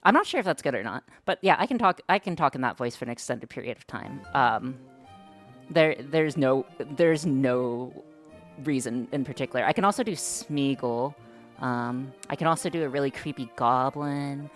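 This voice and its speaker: In a remarkably low, expressive voice, a woman chats casually with her live-stream audience at normal speed. She comes across hesitant and self-conscious, with frequent fillers and restarts, as faint music plays underneath.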